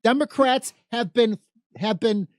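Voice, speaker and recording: A man's voice: very high-pitched, measured pace, a little mellow, no echo, studio quality. A middle-aged man from Chicago giving an emphatic political monologue, full of repetition and rhetorical questions. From South Side of Chicago. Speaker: political commentator.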